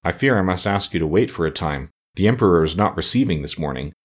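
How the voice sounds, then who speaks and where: A man's voice: low-pitched, expressive, quick pace, slightly rough, pitched below the performer's own voice. A man doing an aged, polite palace servant. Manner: polite, deferential.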